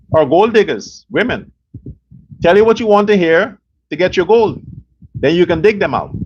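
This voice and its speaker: A man hosting a political commentary show, ranting angrily with profanity, scorn and rhetorical questions. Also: sits high. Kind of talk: angry political rant. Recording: dull lo-fi sound with faint noise.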